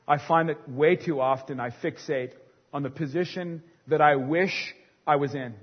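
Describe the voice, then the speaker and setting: A man in his forties preaching a sermon as pastor, with a dynamic delivery that swings from hushed to loud. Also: sits high, slightly rough. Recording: long hall reverb, dull sound.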